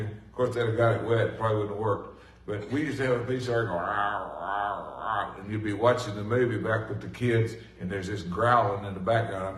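Folksy preacher, echoey and distant. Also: male voice, medium pitch. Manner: folksy, animated preaching with swings from loud to hushed. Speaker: pastor. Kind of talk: sermon. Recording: echoey room from a distant mic.

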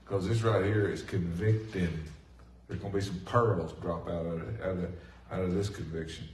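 A middle-aged man preaching a sermon in a folksy, animated way, swinging from loud bursts to hushed asides. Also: low voice, normal speed, a little hiss or hum. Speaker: pastor. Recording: echoey room from a distant mic.

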